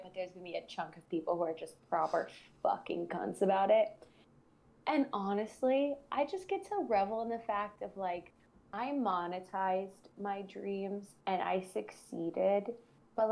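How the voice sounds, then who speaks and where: A woman's voice: mid-range voice, a little mellow. A woman in her twenties hosting a podcast as a sex educator, talking bluntly and sassily with plenty of swearing. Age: 20s. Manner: blunt, heavily profane, sassy. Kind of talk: casual podcast chat.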